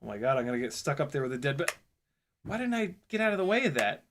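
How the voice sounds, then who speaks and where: A young man giving casual running commentary while flying a drone, excitable, often exclaiming and laughing, swearing casually. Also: mid-range voice, fast, background noise. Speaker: FPV drone pilot and video host.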